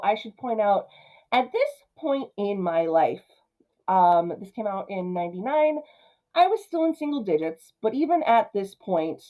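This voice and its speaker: A young woman chats her way through a film review, jumping into quick voices for the characters. Her pitch sits in the middle, and the recording sounds a little dull. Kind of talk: casual commentary.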